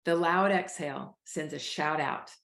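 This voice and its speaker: A woman hosting a show, calmly coaching listeners through a breathing exercise. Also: deep voice, a little slow, vocal fry, roomy sound. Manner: calm, coaching, addresses listeners as "y'all". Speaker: host, life coach. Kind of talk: guided breathing instruction.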